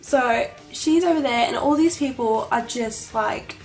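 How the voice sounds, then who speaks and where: A young woman telling an excited vlog story, gushing and breathless, full of "like" and "oh my god". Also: fairly high pitch, a little slow, faint music behind. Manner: gushing, breathless, heavy use of "like". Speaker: vlogger.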